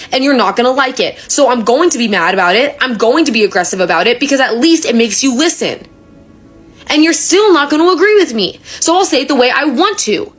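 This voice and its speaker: A woman's voice: high-pitched, fairly bright tone. A young woman giving an angry, emphatic rant straight to camera and swearing freely. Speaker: social media creator.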